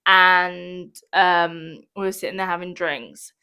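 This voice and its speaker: A woman's voice: on the low side, little pitch movement, takes it slowly, pushed and bright, smooth. A British woman co-hosting a podcast, chatting casually in a blunt, outspoken way and swearing. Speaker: podcast co-host. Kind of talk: casual chat.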